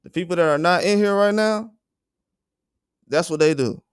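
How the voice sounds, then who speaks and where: Guy ranting on his stream, kinda high voice, smooth and crisp, cussing a lot. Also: normal speed, no echo, studio quality. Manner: blunt, profane, indignant. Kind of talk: heated livestream rant.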